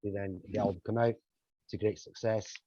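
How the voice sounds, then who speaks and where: An older man, a musician telling animated anecdotes as an interview guest. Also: on the low side, fairly quick, no room sound. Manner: animated anecdotes, acting out quoted voices. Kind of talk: storytelling in a podcast interview. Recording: slightly dull lo-fi audio.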